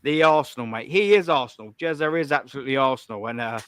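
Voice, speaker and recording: A man's voice: mid-range voice, fast talker, fairly bright tone, clear, resonant tone. A young man hosting a live call-in stream, ranting bluntly and profanely in a combative way.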